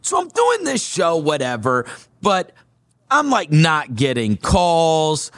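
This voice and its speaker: A man speaks as a guest in a casual chat, his voice pitched fairly high and swinging widely as he tells a story. He is animated, acts out the dialogue and leans on fillers. The sound is dry, with no room echo. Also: takes it slowly.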